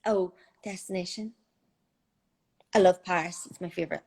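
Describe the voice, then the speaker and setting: A woman's voice: on the low side, fairly even intonation, moderate pace, darkish tone, husky. A young woman with a Northern Irish accent, chatting casually as a guest on a live video call from home, with lots of fillers. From Northern Ireland.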